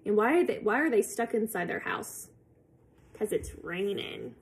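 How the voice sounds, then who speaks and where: A woman reading a picture book aloud to children, slow and expressive, pausing to ask her listeners questions. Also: mid-range voice, vocal fry. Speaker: storybook reader.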